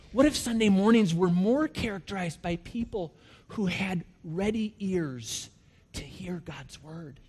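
Guy preaching w a pretty high voice, animated, goes loud then real quiet. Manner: animated storytelling with strong swings from loud to hushed. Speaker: pastor. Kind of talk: sermon.

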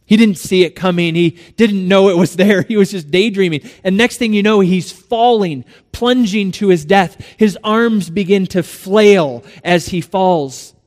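A male pastor delivering a sermon in a church, telling a story with dramatic swings between soft and loud. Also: sits high, unhurried, few pauses, long reverb tail.

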